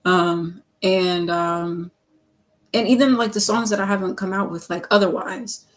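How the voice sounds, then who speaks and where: A woman's voice: on the low side, fairly even intonation, measured pace. Rambling woman chatting on a livestream. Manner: rambling, filler-heavy, self-correcting, playful asides. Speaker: singer-songwriter livestreaming her work. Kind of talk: casual livestream chat.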